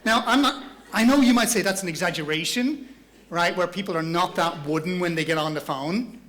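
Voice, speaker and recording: A man's voice: high voice, fairly quick, a bit bright. A man giving a playful, chatty motivational talk on stage to a large audience. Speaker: motivational speaker.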